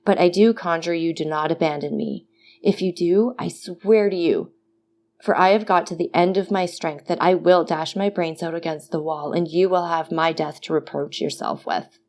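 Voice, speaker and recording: A woman's voice: lowish voice, moderate pace, darkish tone, close to an everyday voice. A woman voicing a desperate young male prisoner who pleads fervently. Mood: pleading. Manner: fervent, imploring.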